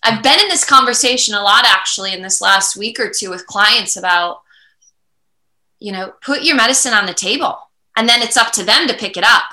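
A woman guest in a conversational interview, reflective and animated, sometimes acting out inner voices. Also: medium pitch, brisk, echoey room, low-quality recording. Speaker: podcast guest.

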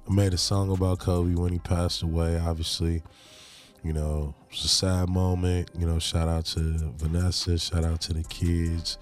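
A man in his forties hosting a podcast, telling stories in an animated, slangy way and laughing often. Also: low voice, normal speed, soft background music. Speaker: podcast host. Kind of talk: casual storytelling chat.

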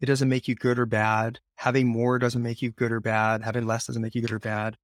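A man's voice: medium pitch, little pitch movement, a little fast, dry recording, clean studio sound. A man who is a guest author on a podcast, speaking earnestly and repeating phrases to drive his point home. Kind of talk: conversational podcast interview.

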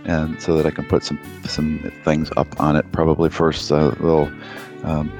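A man's voice: rumbling low, monotone, normal speed, a little mellow, soft background music. A man co-hosting a podcast, talking in a loose, joking way with the odd swear. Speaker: podcast co-host. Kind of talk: casual chat over a call.

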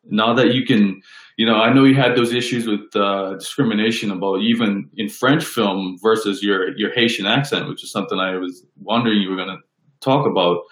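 A man's voice: lowish voice, fairly quick, fairly bright tone, reverberant, low-quality recording. A man interviewing a guest, asking rambling, hesitant questions with many fillers.

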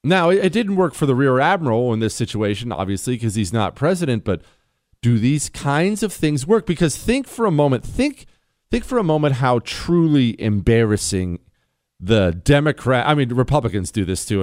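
A man's voice: medium pitch, dry recording, studio quality. A man hosting a talk radio show, speaking bluntly and sarcastically with strong emphasis. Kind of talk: opinionated talk radio monologue.

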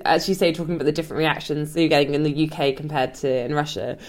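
A woman hosting an interview, asking measured, probing questions of her guest. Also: low-pitched. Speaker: interviewer host. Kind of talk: podcast interview.

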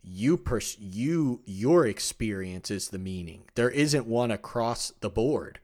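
A man hosting a podcast, talking in a rambling, animated way, with many restarts. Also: on the low side, slow pace. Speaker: podcast host. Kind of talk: casual conversation.

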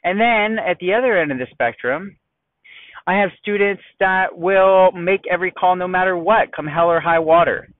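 A man coaching his listeners in a blunt, conversational solo podcast. His voice sits a little on the high side. The sound is thin and phone-like, with a dry, close feel. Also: moderate pace, no room sound.

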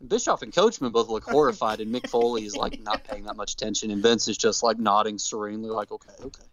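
A man's voice: lowish voice, fast talker, lo-fi sound, a little hiss or hum. A man casually recapping a show with a co-host, acting out quotes in playful put-on voices. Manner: animated storyteller, acts out quotes in put-on voices.

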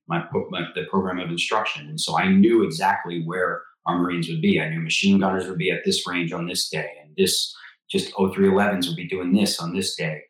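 A man in his forties with a deep, low voice, talking as an interview guest. He is a lively storyteller who keeps slipping into quoted dialogue. A roomy echo hangs on his voice. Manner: animated storyteller, acts out quotes. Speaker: guest, former Marine officer.

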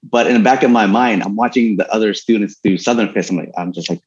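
Deep-voiced man, laid-back storyteller. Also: quick pace, highs cut off. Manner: relaxed storytelling with many fillers and frequent laughs. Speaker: guest, stuntman and martial artist. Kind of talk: casual interview conversation.

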